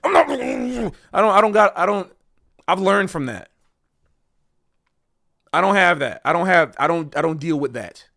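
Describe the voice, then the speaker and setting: Earnest, rambling man with high voice. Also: lively intonation, measured pace, gravelly, long pauses, fairly bright tone. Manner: earnest, rambling, repeats himself. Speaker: streamer and jazz educator. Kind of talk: casual livestream monologue.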